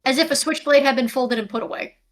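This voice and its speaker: A woman's voice: sits high, fast, a bit bright. A woman narrating a tabletop game as game master over a video call, descriptive and prone to self-corrections.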